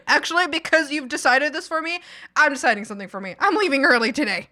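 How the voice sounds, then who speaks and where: A woman streamer in casual chat, rambling and chatty, laughing often and sometimes bursting into mock shouting. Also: high voice, lively intonation, quick pace.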